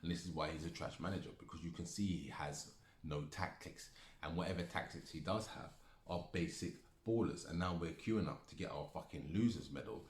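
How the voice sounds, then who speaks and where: Deep-voiced man in a heated football rant. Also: brisk. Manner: repetitive, heated, swearing. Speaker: football fan commentator. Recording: echoey room.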